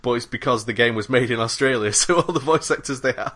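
A man's voice: mid-range voice, fast, fairly bright tone. A man co-hosting a gaming podcast in a casual, rambling, enthusiastic chat with plenty of fillers and swearing. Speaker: podcast co-host.

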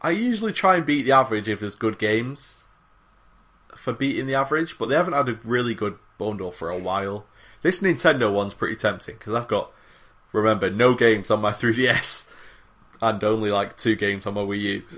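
A man's voice: lowish voice, lively intonation, fairly quick, a bit bright. A young man on a gaming podcast, rambling through a casual chat with lots of fillers. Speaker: podcast co-host.

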